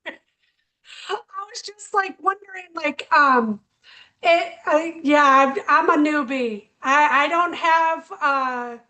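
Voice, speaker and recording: A woman's voice: high-pitched, slow pace, pushed and bright, poor audio. A woman joining the live stream who speaks hesitantly, stumbling over her words in a self-conscious way.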